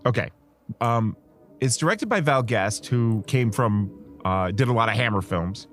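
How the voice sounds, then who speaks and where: Co-hosting a film podcast, a man chats casually about movies, rambling, hesitating, and often correcting himself. His medium-pitched, fairly bright voice has lively intonation and a measured pace, with soft music in the background.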